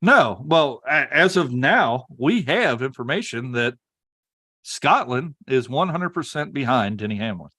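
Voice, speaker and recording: Very animated yet speaking at a measured pace, a U.S. man reads viewers' comments on his racing podcast, chuckling easily in casual conversation. His medium-pitched voice comes across pushed and bright, captured dry with clean studio sound.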